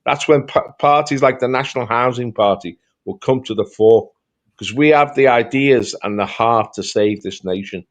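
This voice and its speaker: A man's voice: medium pitch, moderate pace. A man making an emphatic, rallying political address as a party speaker.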